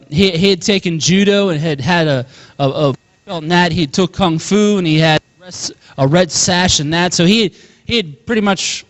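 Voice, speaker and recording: Preaching as a pastor, a young man with a fairly high voice is animated, calling out to his congregation and chuckling often.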